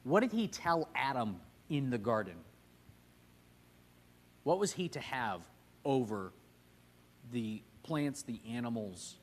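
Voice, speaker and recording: A man's voice: medium pitch, animated, slow pace, pauses often. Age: adult. Sex: man. Role: joking Bible class teacher. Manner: joking, conversational, asks the class questions. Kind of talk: casual Sunday school teaching. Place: church classroom.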